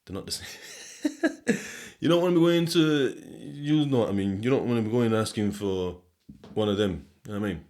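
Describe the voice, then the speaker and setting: A man's voice: lowish voice, normal speed, darkish tone. A young man with a broad Sheffield accent rambles through a loose, casual monologue on his podcast. He swears freely, laughs often, and keeps circling back on himself mid-thought. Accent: Sheffield English. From England. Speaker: podcast host.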